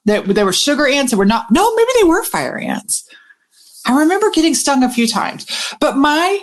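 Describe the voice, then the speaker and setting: A woman coach telling a story straight to her viewers, casual and full of quick asides. Her voice sits a little high and swings widely up and down as she talks. She swears freely. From Texas. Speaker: business coach.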